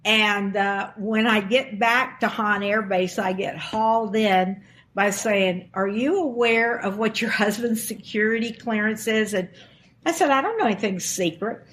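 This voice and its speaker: A woman's voice: mid-range voice, unhurried, fairly bright tone, slight background noise. A woman in her sixties from Alabama, a guest recounting a personal story and acting out the quoted dialogue with animation. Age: 60s.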